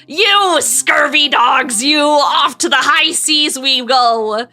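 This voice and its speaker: A swaggering sea pirate, played by a woman, hails the crew in a slow, drawn-out, hammy voice. The voice sits high and bright and comes out loud. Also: soft background music, heavily acted.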